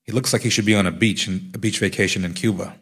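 A man's voice: fairly low pitch, fairly even intonation, fast talker, fairly bright tone, breathy edge. A man, the author, reading aloud from his own memoir in a wry storytelling manner.

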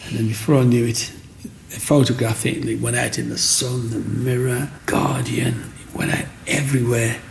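A man's voice: mid-range voice, normal speed, slight background noise. A man telling his life story in an interview, acting out the voices of people he met. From England. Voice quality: gravelly. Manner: animated storyteller who acts out other people's lines.

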